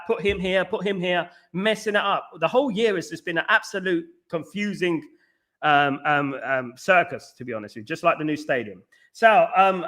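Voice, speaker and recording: A young man from England, hosting a casual fan livestream, rambling, repeating himself and giving viewers shout-outs. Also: a little high. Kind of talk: casual livestream chat, reading viewer comments.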